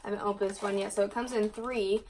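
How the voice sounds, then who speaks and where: A young woman chatting casually to her camera as a vlogger, quick and rambling, full of likes and ums. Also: mid-range voice, fairly even intonation, noisy background.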